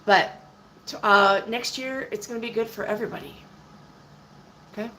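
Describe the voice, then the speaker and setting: A woman giving casual live-stream tarot readings. She answers viewers' questions out loud and keeps checking in with "okay?", clearing her throat now and then. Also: medium pitch, normal speed, a little hiss or hum, low-quality recording. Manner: chatty, checks in with "okay?" and "all right?" often; reads viewer questions aloud and answers them. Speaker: tarot reader.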